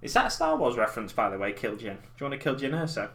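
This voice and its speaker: A man's voice: mid-range voice, huge pitch swings, very fast, gravelly, fairly bright tone, a little hiss or hum. A man in his thirties chatting casually and rambling as he hosts a painting live stream at a desk mic. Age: 30s. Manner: rambling, self-deprecating, chatty. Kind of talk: casual chat while painting miniatures. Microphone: desk mic in front of keyboard.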